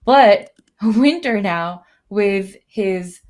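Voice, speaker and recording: Woman commentating a tournament game live, chatty and thinking out loud, lots of ums, voice jumping up when excited. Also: mid-range voice, very slow. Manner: lively, thinking aloud with frequent fillers.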